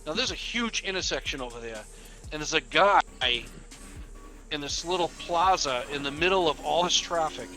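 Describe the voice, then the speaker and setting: A police officer telling rambling, profane stories in casual game voice chat, often laughing. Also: male voice, a little high, lively intonation, moderate pace, bright, forceful tone, faint music behind.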